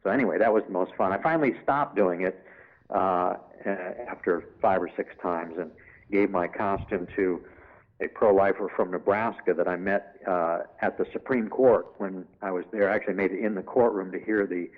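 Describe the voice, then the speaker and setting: A man guest in an interview, telling anecdotes in an animated way and acting out the voices he quotes. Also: low voice, normal speed, phone-quality sound.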